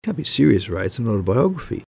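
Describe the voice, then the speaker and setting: A man's voice: medium pitch, big pitch swings, quick pace, gravelly, a little mellow, a little hiss or hum, pitched above the performer's own voice. A man voicing a smug male magazine editor who lectures a writer over the phone. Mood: smug lecturing.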